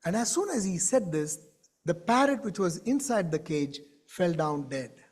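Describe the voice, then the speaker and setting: A man telling a story to a conference audience in an animated way, with questions to the crowd. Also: high-pitched, moderate pace. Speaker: keynote speaker. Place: conference stage.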